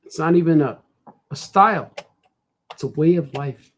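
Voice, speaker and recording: A man with a voice a bit on the high side chats casually while he draws. He rambles and mutters to himself in a loose, thinking-aloud way. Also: normal speed. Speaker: cartoonist and comic shop host.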